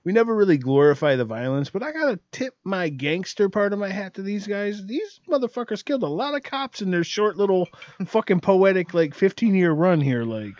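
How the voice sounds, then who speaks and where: A man co-hosting a podcast in casual chat, slangy and animated. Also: high-pitched, fairly quick, dry recording, lo-fi sound. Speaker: podcast co-host.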